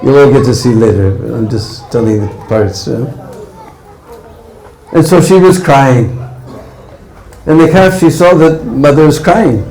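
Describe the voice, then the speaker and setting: A man's voice: medium pitch, animated, unhurried, pauses often, warm tone, roomy sound, low-quality recording. A man preaching a devotional story sermon, often tagging lines with "hmm?" and "huh?".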